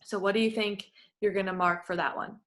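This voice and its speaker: A woman's voice: medium pitch, fairly even intonation, a little fast, a bit bright. A woman working as a voice clinician, giving patient, encouraging step-by-step instructions in a therapy session.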